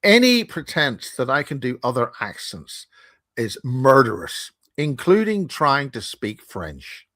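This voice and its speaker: A man's voice: medium pitch, huge pitch swings, measured pace, a bit bright, dry recording. Rambling Belfast man, dry sound. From Northern Ireland. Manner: rambling, joking, self-interrupting. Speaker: guest, conference founder. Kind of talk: casual chat. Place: home in Wiltshire. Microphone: video call.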